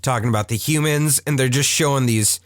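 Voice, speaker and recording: A man's voice: medium pitch, brisk, dry recording, clean studio sound. A man co-hosting a casual cartoon podcast, chatty and laughing often as he talks through the episodes. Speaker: podcast co-host. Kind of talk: casual chat about cartoons.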